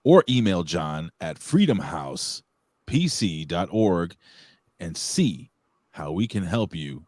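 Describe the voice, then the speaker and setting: A man's voice: sits low, sing-song, slow pace, darkish tone, no room sound. A man co-hosting a talk show in casual, joking chat full of fillers and asides. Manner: joking, rambling, many fillers. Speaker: co-host.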